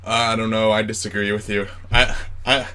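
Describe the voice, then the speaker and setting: A man's voice: fairly low pitch, little pitch movement, normal speed, background noise. A man co-hosting a casual beer review, talking in a playful, rambling, joking way. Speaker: co-host of a beer review show. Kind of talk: casual chat.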